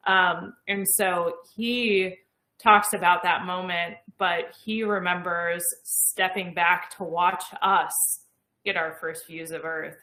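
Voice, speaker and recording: Woman, 30s, bright and enthusiastic; explains clearly in an interview, echoey room. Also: on the low side, fairly even intonation, slow pace. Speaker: astronaut guest. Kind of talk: conversational interview.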